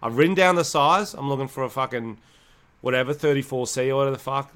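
A young Australian man co-hosting a podcast, talking in loose, rambling banter. His humor is crude and he swears freely, and his pitch sits in an ordinary middle range. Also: fast talker, a bit bright. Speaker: podcast co-host.

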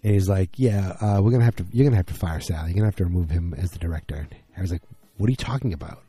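Tired deep-voiced man recapping an episode. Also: fairly even intonation, mellow, husky. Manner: rambling, acts out characters' lines in quick bursts. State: tired, yawning. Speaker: podcast host recapping a TV episode. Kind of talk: casual recap.

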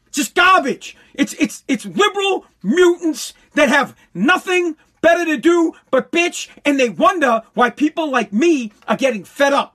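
A man with a high, strained voice ranting angrily about politics. He swears freely and trips over his own words as he gets worked up, sometimes breaking into shouts. The delivery is loose and fired-up rather than scripted. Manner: heated, profane, bursts into shouting; stumbling restarts when worked up. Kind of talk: angry political rant.

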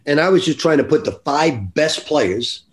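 A man's voice: fairly high pitch, lively intonation, normal speed. An older man, a basketball coach, talking earnestly and reflectively as a guest on a podcast. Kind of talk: podcast interview.

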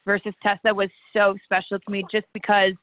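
Animated woman on a tinny line. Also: mid-range voice, fairly quick, no room sound. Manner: animated storyteller, acts out quotes, laughs often. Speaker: guest, pro wrestler. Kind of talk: casual interview.

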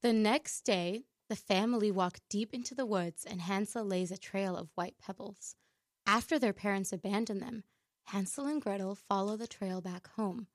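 A woman's voice: mid-range voice, normal speed, dry recording, clean studio sound. A woman co-hosting a radio show, chatting playfully with a laugh and reading a story aloud. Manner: giggly, playful. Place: radio studio.

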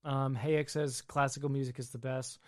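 A man's voice: medium pitch, level tone, moderate pace, a little mellow, dry recording. Dry-sounding man hosting a casual livestream. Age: adult with wife and children. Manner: reads viewer questions aloud, then answers offhandedly. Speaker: livestream host answering chat. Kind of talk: casual live-stream chat. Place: home basement.

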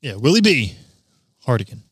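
A man's voice: medium pitch, very animated, moderate pace, husky, no room sound, studio quality. A man co-hosting a podcast in casual crude banter, joking, laughing often and stumbling over words. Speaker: podcast co-host.

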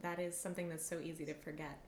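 Host, woman, a little under the weather, friendly, fairly low pitch, interview over a video call. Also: level tone, fast, darkish tone. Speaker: podcast host. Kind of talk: podcast interview.

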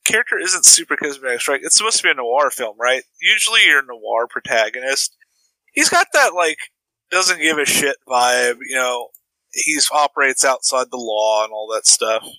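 A man's voice: medium pitch, animated, normal speed, sharp tone, dry recording, rough recording. A man co-hosting a podcast, giving loose, opinionated takes on a movie and swearing casually. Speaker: podcast co-host.

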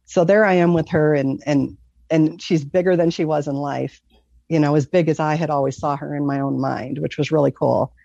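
A woman's voice: deep voice, fairly even intonation, moderate pace, creaky, warm tone, dry recording, lo-fi sound. A middle-aged woman from Michigan, earnestly telling a personal story in a rambling, casual way. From Michigan, USA. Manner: earnest, rambling, with many fillers. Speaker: guest telling a near-death story.

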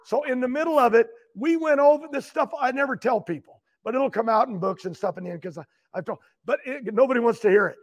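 An older man, a guest, telling long rambling stories that keep restarting, with frequent throat clearing. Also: extremely high pitch, fast talker, hardly any pauses. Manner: loose, meandering, keeps restarting and clearing his throat. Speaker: guest, racing driver. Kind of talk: rambling storytelling.

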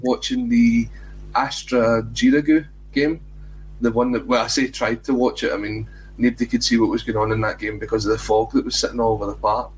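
A man's voice: mid-range voice, fairly even intonation, a little fast, slight background noise, low-quality recording. A Scottish man hosting a football podcast, chatting and joking casually. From Scotland. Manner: chatty, joking, says "um" often. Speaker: podcast host. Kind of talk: casual chat.

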